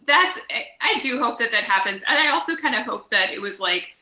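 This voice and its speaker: A woman co-hosting a casual podcast, telling stories in an animated, playful way. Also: a little high, fairly quick, highs cut off. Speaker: podcast co-host. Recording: echoey room recording.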